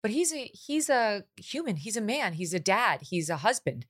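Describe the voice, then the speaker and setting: A woman hosting an interview speaks at normal speed in a mid-range, fairly bright voice that is very animated. She leads into her guest's story with conversational questions, making small restarts along the way.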